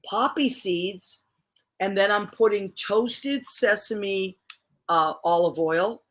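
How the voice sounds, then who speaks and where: A woman's voice: medium pitch, slow pace. A middle-aged woman hosting a casual online chat show, talking chattily about her cooking, with many restarts and easy laughter. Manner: chatty, warm, laughs easily, restarts often. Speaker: show host.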